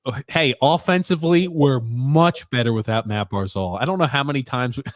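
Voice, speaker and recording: A man hosting a sports podcast and reacting to a live game in casual chat, animated and teasing his co-host. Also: mid-range voice, no echo, clean studio sound. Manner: animated, teasing, quick to laugh. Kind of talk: casual sports commentary while watching a game.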